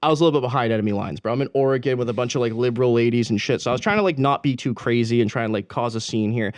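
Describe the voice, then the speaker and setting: A young man co-hosting a podcast tells rambling, profane stories packed with slang and laughter. His mid-range voice comes rapid-fire, and there's no echo.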